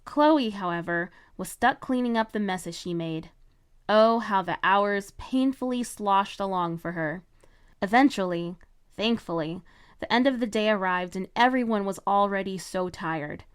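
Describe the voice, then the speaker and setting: A woman narrating her own fan-written story in a measured, even storytelling voice. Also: mid-range voice, clean tone. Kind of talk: fan fiction read-aloud narration.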